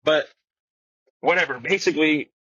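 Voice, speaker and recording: A man's voice: fairly high pitch, normal speed, a bit bright, husky, dry recording, dull audio. A young man in his twenties, a guest skateboarder telling stories in casual, slangy, swearing chat in a podcast studio. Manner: slangy, swearing, laughing storyteller.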